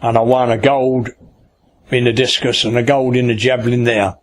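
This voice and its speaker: A man's voice: mid-range voice, little pitch movement, normal speed. An older man, recounting his life story in an interview in a colloquial, anecdotal way. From England (Kent). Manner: storytelling, acts out past dialogue; colloquial, with frequent "I said" and "like".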